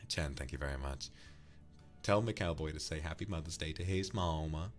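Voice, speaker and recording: A man's voice: extremely low pitch, normal speed, faint music behind. A man from the UK, streaming and casually thanking viewers for donations, affectionately calling them darling. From United Kingdom.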